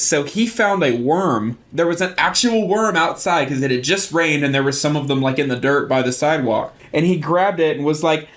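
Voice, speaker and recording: A man in his thirties co-hosting a podcast, chatting casually and telling stories with frequent laughter. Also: fairly high pitch. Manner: laughs often, animated storytelling. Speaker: podcast co-host. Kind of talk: casual chat.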